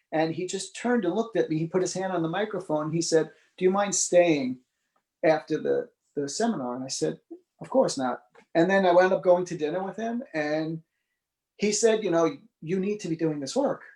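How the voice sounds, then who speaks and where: Man, higher-pitched, animated, storytelling, quoted dialogue. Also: rough recording. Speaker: psychic medium guest. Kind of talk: storytelling interview.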